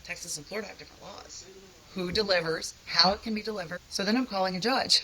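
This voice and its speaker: On a low-quality recording, a woman guest shares a personal testimony about a hard time, speaking fast at medium pitch with a sharp tone. Her candid storytelling is earnest, conversational, and self-deprecating.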